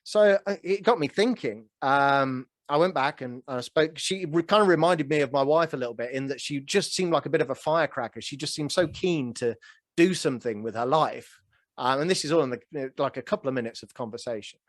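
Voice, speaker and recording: A man in his early forties hosting a casual interview, telling stories with animated energy and a self-deprecating chuckle. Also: mid-range voice, brisk, dry recording, studio quality. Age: 40s. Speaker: podcast host.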